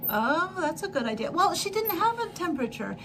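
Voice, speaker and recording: High-voiced woman chatting on a sewing stream. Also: sing-song, fairly quick, fairly bright tone, slight background noise, low-quality recording. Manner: rambling storytelling with frequent laughs and self-corrections. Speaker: livestream host. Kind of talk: casual chat while sewing.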